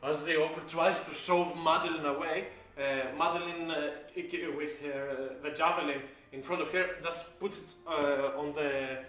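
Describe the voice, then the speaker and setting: A man running a tabletop game as dungeon master, with many pauses and fillers. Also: fairly high pitch, steady tone, fairly bright tone, roomy sound.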